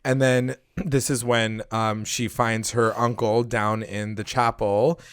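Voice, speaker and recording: A man's voice: medium pitch, flat delivery, slow pace, fairly bright tone, clean tone, no room sound, studio quality. A young man co-hosting a podcast, recapping a TV episode in casual chat, swearing often and acting out the characters' lines. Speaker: podcast co-host.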